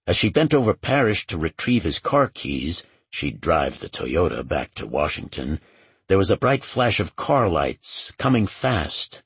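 A man reading a crime novel aloud as its narrator, in a steady, measured way. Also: low voice, slightly rough, dry recording. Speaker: audiobook narrator. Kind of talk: scripted narration.

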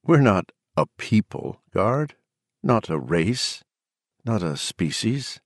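A man's voice: fairly low pitch, sing-song, moderate pace, no echo, clean studio sound. A man voicing a cold woman taken over by an alien presence, speaking in a cool, condescending way in an audiobook. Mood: calm. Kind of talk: audiobook character voice.

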